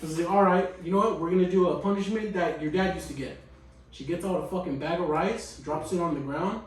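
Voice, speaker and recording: A man on a podcast telling a story in a casual, profane, animated way. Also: high voice, fast. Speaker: podcast guest. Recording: echoey room, distant mic.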